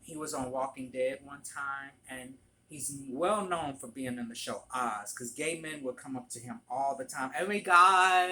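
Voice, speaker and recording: A man's voice: mid-range voice, pushed and bright, a little hiss or hum, poor audio. A man telling casual stories to camera in a chatty, gossipy way, with many ums. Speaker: vlogger, former barista.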